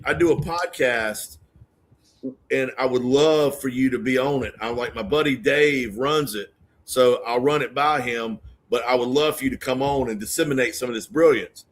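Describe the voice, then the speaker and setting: A man's voice: mid-range voice, a bit bright. Male podcast co-host, rambling and profane, mid-range voice. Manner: rambling storyteller, swears, retells conversations. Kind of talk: casual podcast chat.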